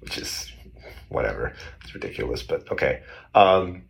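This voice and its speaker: With a rumbling low voice, lively intonation and some vocal fry, a man talks at a moderate pace as a history guest. He tells the story casually, rambling and restarting often while acting out the quoted voices.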